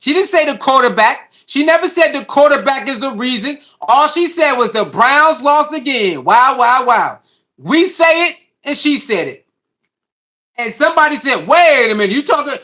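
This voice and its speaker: Bright-voiced sports reaction host. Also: high voice. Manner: loose, repetitive, talks back to chat. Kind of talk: casual reaction commentary.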